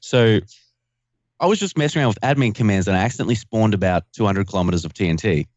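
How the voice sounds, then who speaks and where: A man guest on a gaming podcast, telling a story in a self-deprecating, animated way. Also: on the low side, fast talker, no room sound, muffled recording. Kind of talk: casual storytelling.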